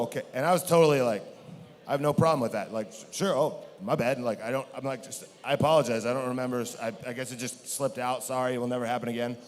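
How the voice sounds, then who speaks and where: A man telling a story from his career in a rambling, self-mocking way, with many restarts. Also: mid-range voice. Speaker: guest. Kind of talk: storytelling on a podcast. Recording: long hall reverb.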